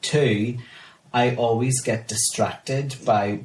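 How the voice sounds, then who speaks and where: A man co-hosting a podcast in casual chat, croaky from a cold and joking about himself. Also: mid-range voice, fairly even intonation, slow, roomy sound, slight background noise. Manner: joking, self-mocking. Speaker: podcast co-host.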